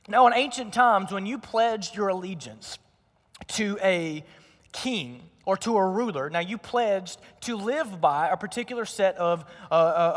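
A young man preaches in a church auditorium, telling stories with energy and acting out quotes. His voice sits high for a man. A long reverb from the large hall trails each phrase. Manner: energetic storytelling with acted quotes. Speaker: pastor. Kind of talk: sermon.

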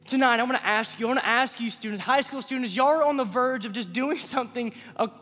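Guy preaching to high schoolers, really high voice, big echoey hall. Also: fast talker. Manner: builds from hushed pleading to loud shouting. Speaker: youth pastor. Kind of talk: sermon.

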